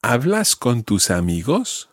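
A man's voice: mid-range voice, wildly swooping pitch, no echo, studio quality. A man teaching Spanish, patiently modelling verb forms and stress for a learner to repeat. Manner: patient, models pronunciation slowly. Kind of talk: language lesson drills.

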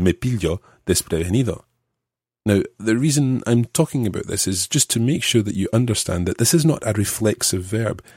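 Male podcast teacher with a head cold, patient and measured; low, husky, dry close sound. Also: darkish tone, no echo. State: stuffed up with a cold. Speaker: language podcast host. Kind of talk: explaining grammar in a podcast.

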